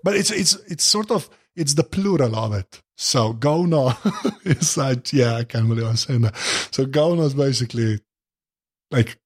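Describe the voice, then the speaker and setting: A man's voice: mid-range voice, normal speed, husky. A man from Slovenia with a Slovenian accent, co-hosting a casual podcast chat, often laughing and restarting his sentences. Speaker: podcast co-host.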